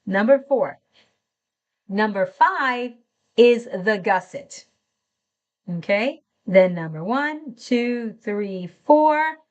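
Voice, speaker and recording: A middle-aged woman hosting a live craft tutorial, chatting enthusiastically and greeting viewers by name as she works. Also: a little high.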